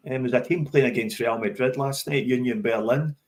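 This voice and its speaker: A man's voice: medium pitch, fairly quick, a little mellow. A man co-hosting a casual football podcast, making emphatic points and often repeating words as he restarts. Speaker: podcast co-host.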